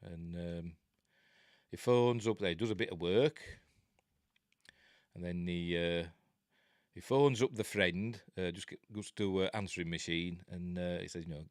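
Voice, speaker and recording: A man's voice: deep voice, measured pace, pauses often, no room sound, clean studio sound. A man with a Yorkshire accent, reviewing a horror film in a rambling, jokey way, full of ums and uhs. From Yorkshire, England. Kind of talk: casual film commentary.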